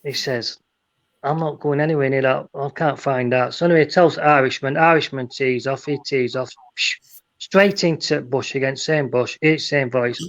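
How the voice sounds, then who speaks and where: A man's voice: medium pitch, normal speed, muffled recording. A man telling rambling jokes and stories in a casual chat, often restarting his sentences. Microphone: phone.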